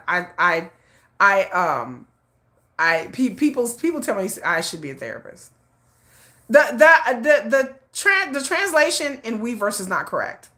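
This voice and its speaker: A woman's voice: medium pitch, bright, forceful tone. A woman hosting a casual livestream, chatty and emphatic, often restarting phrases and talking straight to her viewers. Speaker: livestream host.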